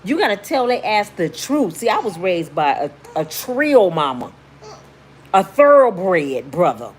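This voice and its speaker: At a measured pace and medium pitch, a woman vlogger tells a story over slight background noise. The commentary is emphatic, slangy and blunt, and she animatedly shrieks the quotes she acts out.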